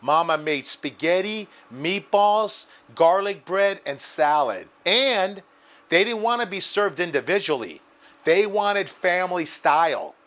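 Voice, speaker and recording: A man's voice: high voice, animated, a little slow, a bit bright. A man hosting a home cooking show, walking viewers through a recipe and telling a restaurant story with enthusiasm. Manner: enthusiastic, addresses viewers as guys. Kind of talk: cooking demonstration and anecdote.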